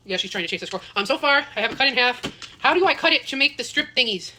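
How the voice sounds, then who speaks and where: A young woman chats her way through cooking in her home kitchen, quick and talkative. Her voice sits a little high and sounds bright. She rambles, pokes fun at herself, and wanders off topic without much fuss. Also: animated, a little hiss or hum. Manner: rambling, chatty, self-deprecating, drifts off topic. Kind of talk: casual cooking vlog chat.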